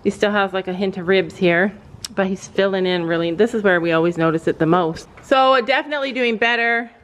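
A woman's voice: mid-range voice, brisk. A woman from Canada chatting casually to her vlog audience at a horse barn, laughing often. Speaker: vlogger.

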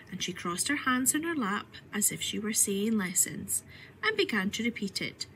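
A woman reading a children's story aloud in an expressive way, often softening to a whisper. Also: mid-range voice, normal speed, slight background noise, poor audio. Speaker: reader.

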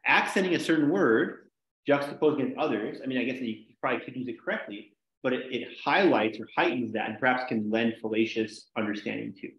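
A man's voice: medium pitch, brisk. A man teaching a casual logic class, rambling with many "like"s and restarts. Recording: echoey room, dull lo-fi sound.

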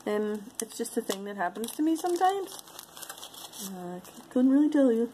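A woman's voice: on the high side, very animated, moderate pace, dark tone, a little hiss or hum, low-quality recording. A woman chatting casually to viewers as she shows and sells jewelry, rambling and talking to herself between items. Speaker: online jewelry seller. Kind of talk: casual sales chat to viewers.

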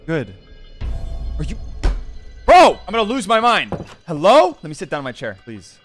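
Young male gamer, nervy and jumpy, animated swings in pitch, faint music underneath. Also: moderate pace, long pauses. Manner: jumpy, easily spooked, yelps and shouts. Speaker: gamer being pranked. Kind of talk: gameplay commentary.

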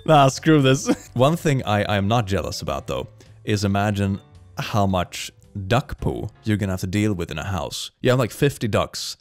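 A young man giving a jokey, excitable reaction commentary, often gasping and laughing. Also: lowish voice, normal speed, faint music behind. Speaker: reaction video host.

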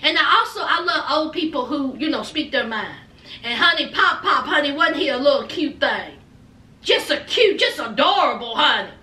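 A woman's voice: high voice, expressive, normal speed, bright, forceful tone. A woman recapping a reality show in a sassy, gossipy way, calling her listeners "honey" and "child". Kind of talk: casual recap commentary. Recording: echoey room, distant mic.

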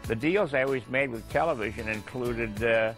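An older man telling racing anecdotes in a TV interview, chuckling and pausing on fillers. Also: mid-range voice, a bit bright, faint music behind. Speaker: racing journalist guest. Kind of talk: storytelling in a TV interview.

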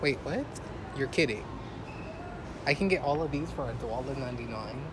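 A young man vlogging casually while shopping with a friend, animated and joking, laughing often, filmed on a handheld phone camera. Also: medium pitch, moderate pace. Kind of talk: casual vlog chat. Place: shopping store. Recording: noisy store ambience, traffic.

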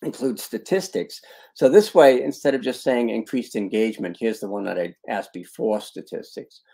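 A man with a slightly low voice leads a live online training webinar. He talks through an on-screen demo in an upbeat way, leans hard on key words and chats with attendees as he goes. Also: normal speed, creaky, mellow, husky. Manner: chatty, with asides to attendees. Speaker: online video marketing trainer.

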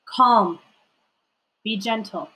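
A woman voicing a calm, gentle teacher who speaks quietly in a storybook. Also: medium pitch, drawn-out words, breathy edge, full character voice, low-quality recording.

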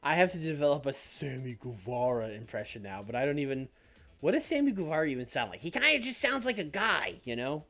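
Brief: rambling, jokey male streamer, very lively pitch, soft music behind. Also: a little fast. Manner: joking, rambling, laughs often. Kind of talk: casual chat while playing a wrestling booking game. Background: soft background music.

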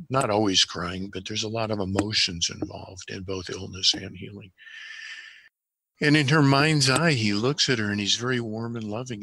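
An older man, a physician guest on a podcast, telling a case history in a measured, reflective way. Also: on the low side, vocal fry, sharp tone, slightly rough, no echo.

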